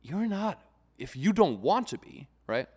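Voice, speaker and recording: A man's voice: a little high, a little slow, slightly rough. A man co-hosting a podcast in casual, profane conversation, often acting out other people's voices. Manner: profane, animated, acts out voices. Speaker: podcast co-host.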